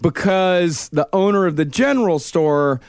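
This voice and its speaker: A man's voice: high voice, measured pace, smooth, no echo. Male true-crime storyteller, dry close sound. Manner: steady storyteller with filler uhs. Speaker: podcast host narrating the case.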